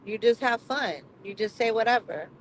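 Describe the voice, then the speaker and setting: A woman's voice: a little high, moderate pace, slight background noise, rough recording. A woman co-hosting a casual livestream from a car, teasing and bantering playfully. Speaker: livestream co-host.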